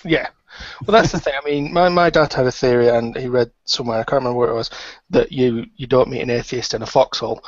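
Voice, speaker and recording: A man's voice: mid-range voice, steady tone, quick pace, dry recording. A British man with a received pronunciation accent, co-hosting a casual online radio chat. He jokes drily and teases the others. The audio is dry and a bit muffled, like a lo-fi call. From Britain. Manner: dry, joking, mock-teasing. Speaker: co-host.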